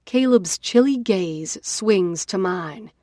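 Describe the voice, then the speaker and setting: A woman narrating a first-person romance audiobook in an expressive, dramatic way. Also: medium pitch, slow pace, no echo, studio quality.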